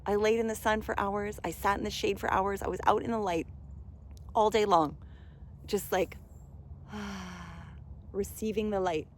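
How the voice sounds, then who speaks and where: A woman's voice: medium pitch, fairly even intonation, measured pace, pauses often, slight background noise. A woman coaching listeners in a casual motivational talk, earnest and often saying "like", rising to emphatic urging. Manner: earnest, says "like" often, gets emphatic and loud. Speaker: spiritual self-love coach.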